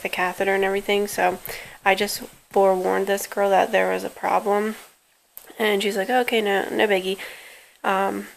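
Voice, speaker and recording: Young woman vlogger, tired and in pain, talking from her couch; gravelly, flat delivery with little lift. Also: medium pitch, slight background noise, rough recording. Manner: frustrated, weary storytelling. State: in pain and worn out. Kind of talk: casual personal video update. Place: lying on a couch at home.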